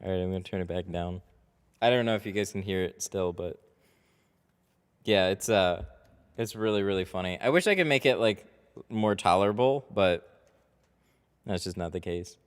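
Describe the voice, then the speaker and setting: A man talks casually to his stream while tinting cars, rambling and laughing often. His voice is low and smooth. The workshop around him gives a long, echoey ring. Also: moderate pace, pauses often. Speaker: window tint shop owner livestreaming. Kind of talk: casual livestream chat while working. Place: car tint workshop.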